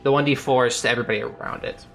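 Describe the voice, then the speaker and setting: Bright-voiced man running a tabletop game. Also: medium pitch, very fast, faint music behind. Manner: steady, explanatory narration. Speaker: dungeon master. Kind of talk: running a tabletop game and reading rules aloud.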